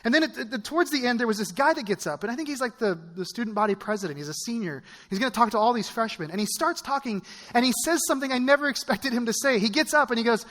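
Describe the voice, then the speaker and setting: A man's voice: very high voice, lively intonation, quick pace, fairly bright tone. A man in his forties preaching a sermon as pastor, telling stories in a casual, rambling way with many fillers. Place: church auditorium. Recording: long reverb of a large church hall.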